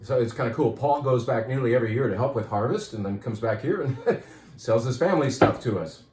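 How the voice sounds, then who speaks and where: A man's voice: mid-range voice, lively intonation, brisk, darkish tone, reverberant. A man who runs a wine shop, chatting casually and enthusiastically about upcoming events and club wines, a little out of breath. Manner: chatty, enthusiastic, rambling with restarts. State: out of breath, dry throat. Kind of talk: casual promotional talk.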